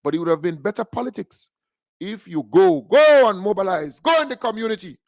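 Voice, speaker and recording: A man's voice: high-pitched, very animated, a little fast, gravelly, dry recording, clean studio sound. A man with a Grenadian accent delivering political radio commentary as a fiery, mocking and combative rant.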